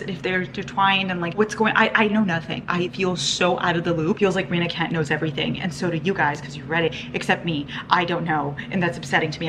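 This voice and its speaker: Gushing young woman, slightly low voice. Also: noisy background. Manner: gushing, animated, swears freely. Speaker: book vlogger. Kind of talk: casual chat. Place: at home, lying down. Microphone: phone held in one hand.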